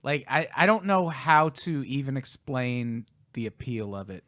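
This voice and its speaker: A man hosting a podcast who reacts with quick, wry comments. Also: medium pitch, big pitch swings, fairly bright tone, dry recording, clean studio sound. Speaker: podcast host. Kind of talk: casual podcast chat.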